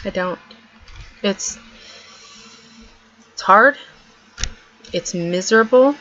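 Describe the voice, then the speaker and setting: A woman's voice: mid-range voice, animated, extremely slow, a bit bright, faint music behind. A middle-aged woman vlogger giving an earnest, emphatic motivational talk, repeating her points for stress. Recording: dull lo-fi sound.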